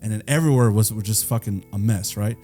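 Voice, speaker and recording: Young man, podcast co-host, warm dark tone, casual crime storytelling, faint music behind. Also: on the low side, quick pace. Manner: loose and profane, full of fillers and "right?".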